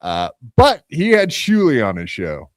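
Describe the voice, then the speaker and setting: A man hosting a podcast, rambling along in a loose, profane way with plenty of fillers. His voice sits at an ordinary middle pitch, recorded dry and close with no room sound. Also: huge pitch swings, a little slow, no echo. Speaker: podcast host. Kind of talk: casual podcast chat.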